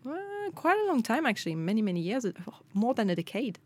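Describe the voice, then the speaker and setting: A woman's voice: a little high, sing-song, brisk, slight background noise. A middle-aged woman, co-hosting a casual chat and telling a story with quoted dialogue. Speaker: podcast co-host.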